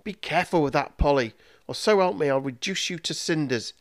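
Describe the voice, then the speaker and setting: A man's voice: mid-range voice, lively intonation, normal speed, close to an everyday voice. A man voicing a rude, hungover male wizard who snaps and sneers at his apprentice. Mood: furious. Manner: sneering, snappish.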